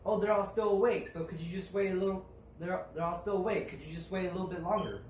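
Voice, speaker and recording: A man voicing a calm, cautious young woman. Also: high voice, fast talker, slight background noise, lightly acted. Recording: roomy, mic at a distance.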